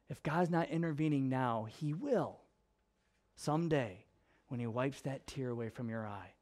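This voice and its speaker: A male pastor preaching a sermon with personal storytelling, in an expressive, conversational way that moves between emphatic and hushed. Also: medium pitch, measured pace. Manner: conversational with restarts and fillers.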